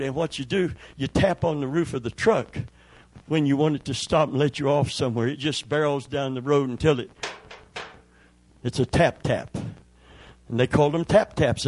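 An older man preaching a sermon as pastor, emphatic and calling for amens, with a husky voice. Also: on the high side, a little mellow, no echo. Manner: emphatic preaching with call-and-response.

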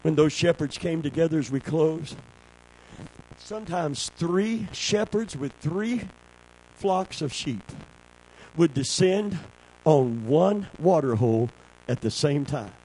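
A man preaching a sermon, calling for amens and swinging between a low hush and a shout. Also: slow, long pauses, low-quality recording.

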